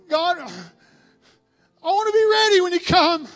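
A man preaching a Pentecostal revival sermon, praying in a fervent, chanting way that rises to crying shouts. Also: extremely high pitch, animated, unhurried. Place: church sanctuary at the altar. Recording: music behind, long church reverb.

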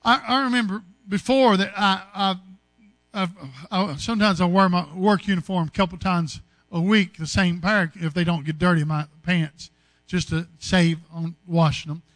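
Male preacher, high voice, bright tone, folksy storytelling sermon, dry close sound. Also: fairly even intonation, normal speed, no room sound. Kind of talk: sermon with personal stories.

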